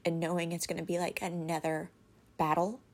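A woman as an interview guest, telling a personal story in a halting, candid way, with many fillers and restarts. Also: lowish voice, level tone. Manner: candid and emotional.

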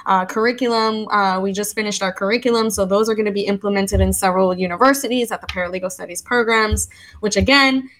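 Talking fast at a medium pitch, a thirtysomething American woman who teaches law joins an interview show as a guest. Her style is casual and animated, and she keeps performing her earlier remarks; the audio is poor.

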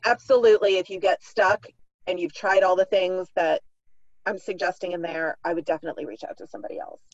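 A woman's voice: lowish voice, fairly even intonation, quick pace, no echo. Middle-aged woman guest, practical and explanatory, dull lo-fi dry audio. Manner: explanatory, practical, acts out parents' thoughts. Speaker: author and clinician guest. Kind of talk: podcast interview.

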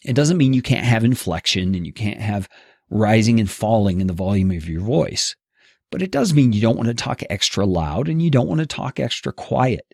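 A man teaching a podcast course, speaking expressively into a close boom-arm studio mic from his seat. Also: normal speed, gravelly, slightly rough, dry recording. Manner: expressive, animated delivery. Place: home studio, seated at a table.

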